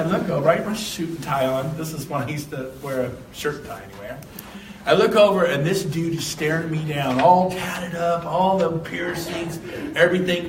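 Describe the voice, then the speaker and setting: An older man giving a motivational real estate talk to an audience, telling lively stories and breaking into shouts and laughs. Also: a little high, background noise. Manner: animated storyteller, shouts and laughs. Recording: echoey room from a distance.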